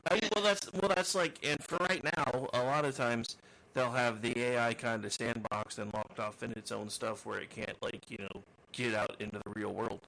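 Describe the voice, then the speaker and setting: Gravelly-voiced man co-hosting a talk show. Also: medium pitch, fairly even intonation, normal speed, sharp tone, low-quality recording. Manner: rambling, repeats words, jokey. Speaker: radio show co-host. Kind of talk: casual chat.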